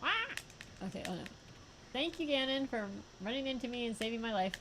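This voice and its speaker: A young woman streaming a fighting game, reacting with quick yelps, groans and laughs between plain remarks. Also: fairly high pitch, noisy background. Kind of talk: live gameplay commentary.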